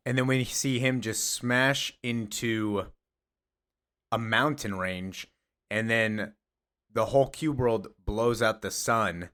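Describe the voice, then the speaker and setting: A young man casually recapping a comic story. He rambles, trails off with fillers and shrugs things off. He speaks at an ordinary middle pitch. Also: takes it slowly, fairly bright tone, clean tone. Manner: rambling, filler-heavy, offhand.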